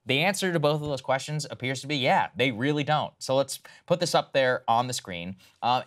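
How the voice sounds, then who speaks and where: Guy cohosting a politics show, mid voice, sarcastic, gets loud n high when he makes a point. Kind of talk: opinionated political commentary.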